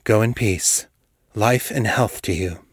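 A man voicing a wise male elf biomancer who speaks gently and clearly. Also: lowish voice, takes it slowly, no echo, clean studio sound. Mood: gentle.

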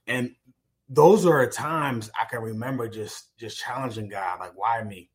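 A man's voice: mid-range voice, measured pace. American guy in his 40s, ex-athlete, earnest storytelling on a podcast, lots of ums. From United States. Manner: earnest, with many fillers and restarts. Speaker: podcast guest, former pro football player. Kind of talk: reflective personal storytelling.

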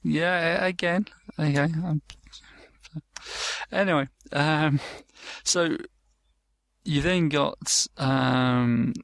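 A man's voice: a little high, drawn-out words, creaky, long pauses, a bit bright, no echo. A man casually talking over a show, rambling with lots of fillers and restarts and acting out quoted lines. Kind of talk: casual chat.

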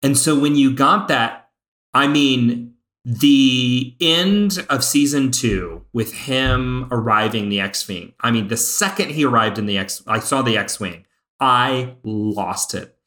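A man in a casual podcast chat, speaking at a middle pitch with plenty of eager energy. His pace surges and then slows as he gets excited. The room gives his voice a noticeable echo. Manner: excited fan, speeds up and slows down. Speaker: podcast co-host. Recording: roomy echo.

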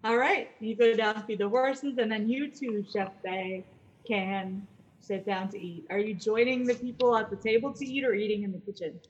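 A woman's voice: mid-range voice, fairly even intonation, moderate pace. A woman running a tabletop game as game master, narrating in an easygoing way with frequent laughs. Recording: dull lo-fi sound with faint music.

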